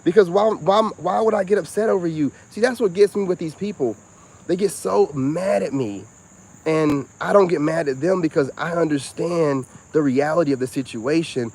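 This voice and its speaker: A man's voice: on the high side, moderate pace, darkish tone. A man in his forties, a live-stream host talking straight to his viewers in a casual monologue, self-assured and preachy. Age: 40s.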